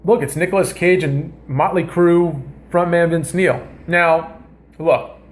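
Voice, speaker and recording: A man with a fairly high voice hosts a comedy vlog from his home kitchen. He tells a story in a loose, rambling way, stops to correct himself, and stresses the juicy parts. The tone is casual and chatty. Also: takes it slowly. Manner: rambling, animated, self-interrupting.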